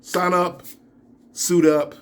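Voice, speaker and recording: A young adult man giving reaction commentary in a video, ranting and laughing, his voice rising to near shouts and sinking to mumbles. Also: high voice, little pitch movement, slow, smooth. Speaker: YouTuber.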